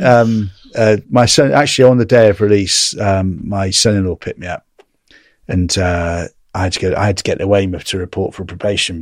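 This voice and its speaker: Chatty English man, fairly low voice. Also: no room sound, studio quality. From England. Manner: chatty, rambling anecdotes with laughter. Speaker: guest. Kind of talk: casual storytelling interview.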